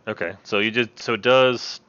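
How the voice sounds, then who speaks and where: A man's voice: medium pitch, steady tone, normal speed, sharp tone. A man running a tabletop game as game master, reading rules aloud with hesitant fillers over an online call. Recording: dull lo-fi call audio.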